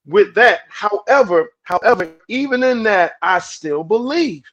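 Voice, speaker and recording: In a podcast conversation, a male guest speaks in a preachy manner, repeating words as he builds his point. He drops low and soft whenever he quotes calming words.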